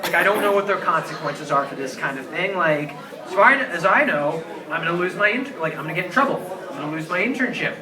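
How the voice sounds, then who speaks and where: Young man, high voice, rambling earnest storyteller, live in a noisy bar. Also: animated, quick pace, recorded from a distance. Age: 20s. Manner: earnest, rambling, full of "like" fillers. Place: crowded bar. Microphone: distant handheld camera. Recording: roomy bar recording from afar, crowd chatter.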